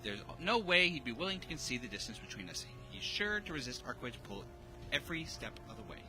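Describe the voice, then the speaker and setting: A man streaming a visual novel, reading its text aloud and reacting with excitable, jokey, sometimes sweary comments. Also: mid-range voice, fairly quick, music in the background, rough recording.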